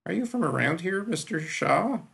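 A man's voice: sits high, sing-song, moderate pace, gravelly, fairly bright tone, breathy edge, voice pushed up, exaggerated voice. A man voicing a fourteen-year-old boy on the run, who talks in a tense, snarling, whiny way. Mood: wary. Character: jumpy teenage boy on the run, defiant.

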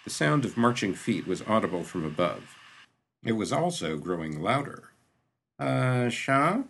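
A man narrates an adventure audiobook in a steady, descriptive way. His voice is very deep, with a gravelly, husky texture and a lively pitch range. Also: normal speed.

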